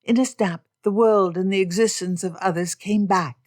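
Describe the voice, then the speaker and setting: A woman narrating an audiobook in a steady, expressive reading style. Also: mid-range voice, normal speed. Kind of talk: scripted narration.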